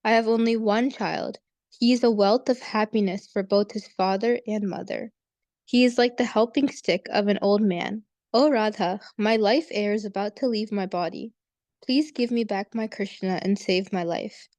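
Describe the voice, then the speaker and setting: A woman's voice: medium pitch, normal speed, darkish tone, dry recording, close to an everyday voice. A woman reading aloud the part of a grieving mother who pleads for her son's return. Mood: pleading. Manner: read aloud earnestly. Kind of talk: reading scripture story aloud.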